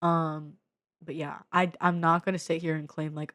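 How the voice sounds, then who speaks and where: Low-voiced excitable young woman reviewer. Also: normal speed, no room sound. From Bay Area, US. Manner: excitable, swears freely, slangy, many fillers. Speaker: vlogger reviewing media. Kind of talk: casual media review. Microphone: own desk mic.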